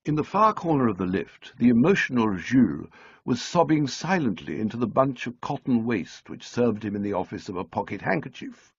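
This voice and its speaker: Gravelly, expressive male audiobook narrator. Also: mid-range voice, dry recording, muffled recording. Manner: measured, dryly comic storytelling.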